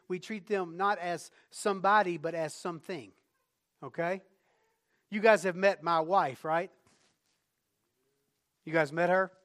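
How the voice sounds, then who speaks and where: Male pastor, sermon delivery, high and bright tone, conversational with emphatic swells.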